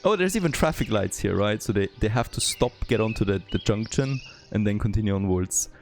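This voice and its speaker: Gravelly low-voiced man narrating gameplay. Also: brisk, soft background music. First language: not English. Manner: thinking aloud, easily excited, frequent "there you go". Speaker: gameplay commentator. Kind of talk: let's play commentary.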